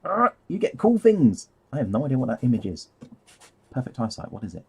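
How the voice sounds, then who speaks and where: A man's voice: medium pitch, huge pitch swings, brisk, a little mellow, husky. A man rambling casually on a live stream while painting, easily sidetracked and laughing at himself.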